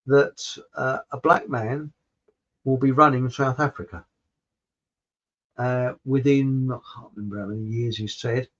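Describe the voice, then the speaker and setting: A man's voice: mid-range voice, a bit bright, highs cut off. A man hosting a livestream, chatting in a meandering, rambling way and often repeating himself. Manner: chatty, meandering, repeats words, drifts between topics. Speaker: livestream host reading viewer comments. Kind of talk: rambling casual monologue.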